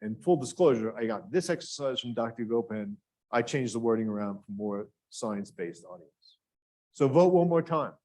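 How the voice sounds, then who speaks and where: Male workshop instructor, mid-pitched and engaging, quizzes his audience. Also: animated, normal speed, a little mellow. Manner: engaging, asks the audience questions. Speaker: grant writing workshop instructor. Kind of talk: live workshop lecture. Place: classroom with live and remote audience.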